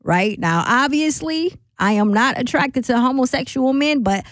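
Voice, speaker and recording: A woman's voice: high voice, expressive, moderate pace, dry recording. A woman hosting a radio talk show, chatting casually with laughing asides and rallying calls to her listeners. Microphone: studio microphone.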